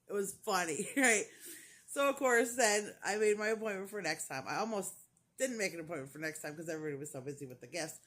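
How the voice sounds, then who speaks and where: A woman's voice: mid-range voice, fast talker, a bit bright. A woman in casual chat, telling a story with lots of laughter and playing the other people's voices in quotes. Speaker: crochet vlogger.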